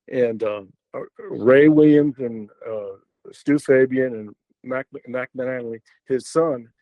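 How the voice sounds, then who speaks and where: A man's voice: mid-range voice, darkish tone, no echo, poor audio. An older man, a podcast guest telling a story in a loose, rambling way with many fillers and restarts. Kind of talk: casual storytelling.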